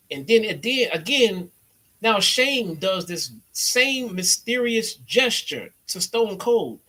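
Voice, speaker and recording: A man's voice: sits high, sharp tone, breathy edge. A young adult man from the Chicago area giving a loose, sarcastic and profane wrestling review. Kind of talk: casual profane recap.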